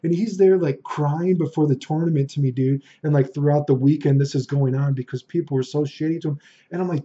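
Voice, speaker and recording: A man's voice: a little high, fairly quick, mellow, dull audio. A man casually telling a long story, rambling, swearing and getting heated as he goes. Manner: rambling, profane, heated retelling.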